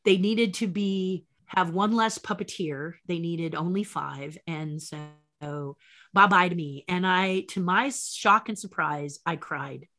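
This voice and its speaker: Woman puppeteer telling a lively anecdote. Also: fairly low pitch, takes it slowly. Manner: lively, acts out quoted voices. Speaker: puppeteer guest. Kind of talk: anecdotal storytelling.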